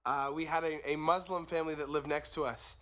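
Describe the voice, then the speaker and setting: A man's voice: fairly high pitch, fairly even intonation, brisk, pushed and bright. A man from California, co-hosting a comedy podcast, telling a rambling childhood story. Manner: rambling with fillers and restarts. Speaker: podcast co-host.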